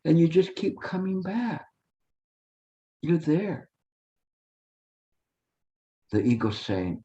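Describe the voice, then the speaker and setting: A man's voice: on the high side, sing-song, slow, long pauses, warm tone. A male meditation teacher giving a dharma talk, earnest, repetitive and coaxing, on a dull lo-fi recording.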